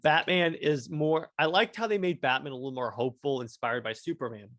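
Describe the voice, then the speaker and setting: A young adult man hosting a solo podcast review, talking excitedly and rambling with many stammered restarts. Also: on the high side, fairly quick. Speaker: podcast host.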